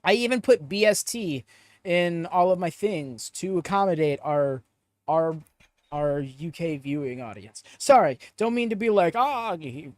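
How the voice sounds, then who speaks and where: A man hosting a live podcast, chatting in an animated, opinionated way and rambling off on tangents as he reads the audience chat aloud. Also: on the high side, a little slow, no echo. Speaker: podcast host.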